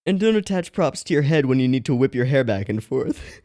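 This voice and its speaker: A woman's voice: a bass voice, animated, brisk, warm tone. Giggly, self-mocking woman host. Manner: giggly, self-mocking, swears and keeps laughing between takes. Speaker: anime reaction channel host. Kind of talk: casual behind-the-scenes chat.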